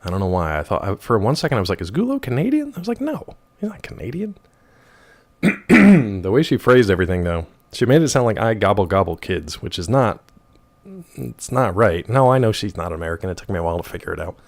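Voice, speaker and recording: A man in his thirties chatting casually with his stream viewers, rambling and wry, with a rough throat. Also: on the low side, lively intonation, fast. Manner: rambling, wry, reacts to chat messages.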